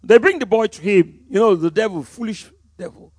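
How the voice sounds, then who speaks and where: A Nigerian man preaching a sermon as pastor, emphatic, swinging from loud declarations to quiet asides. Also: sits high, expressive, a little fast, slightly rough, no echo.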